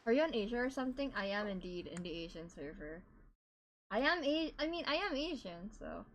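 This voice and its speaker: A young adult woman streams a game at a desk microphone, chatting casually and animatedly with her viewers, talking to her chat and exclaiming often. Her voice is medium in pitch and fairly quick, with music playing in the background.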